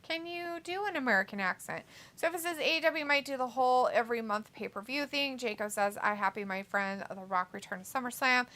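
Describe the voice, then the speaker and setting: A woman with a bright, fairly high voice co-hosts a casual live stream. She chats loosely and reads viewer comments aloud with a joking edge. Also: fast, few pauses. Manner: reads chat messages aloud, jokey and chatty. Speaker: watch-along co-host.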